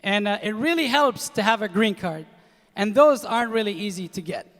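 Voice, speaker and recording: A young man from Kuwait performing a stand-up comedy set, animated and acting out the voices of people in his stories. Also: high voice, normal speed. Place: comedy stage in a large hall with a live audience. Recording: live hall reverb.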